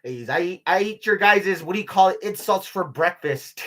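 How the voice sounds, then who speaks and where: A man's voice: sits high, expressive, moderate pace, a bit bright. Profane rambling older man. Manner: profane, rambling, many fillers and restarts; laughs between remarks. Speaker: vlogger. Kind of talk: casual rambling monologue.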